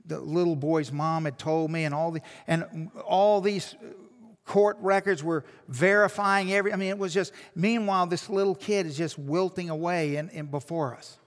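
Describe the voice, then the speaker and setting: A man's voice: fairly high pitch, fairly even intonation, moderate pace, in a large hall. A man preaching a sermon as a pastor, telling a story with earnest, emphatic repetition. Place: church.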